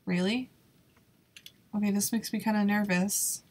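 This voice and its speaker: A woman's voice: medium pitch, fairly even intonation, a little slow. A woman giving casual gameplay commentary in a nervous, exclaiming way, laughing often. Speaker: YouTuber playing a video game.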